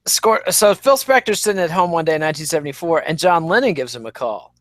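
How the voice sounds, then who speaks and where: A man's voice: on the high side, expressive, fast talker, dry recording. A man co-hosting a podcast in casual chat, with dry, wry asides and long anecdotes. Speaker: podcast co-host.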